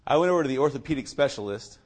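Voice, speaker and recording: At a racing pace and medium pitch, a man recounts his faith testimony like a casual story, chuckling frequently and speaking loosely with plenty of fillers. He voices other people's quoted lines with lively flair.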